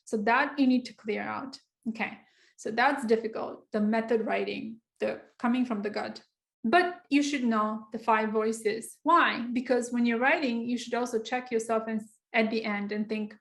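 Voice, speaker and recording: A woman's voice: on the high side, steady tone, moderate pace, vocal fry. Chatty woman coaching personal statements. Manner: conversational, frequent fillers, acts out sample writing. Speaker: writing coach. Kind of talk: informal online lesson.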